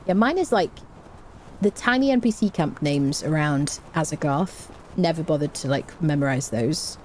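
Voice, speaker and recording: A woman's voice: sits low, expressive, moderate pace, a little mellow, a little hiss or hum. Chatty woman streamer humming along. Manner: chatty, hums little tunes to herself. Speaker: game streamer. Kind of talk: casual live-stream gameplay chat.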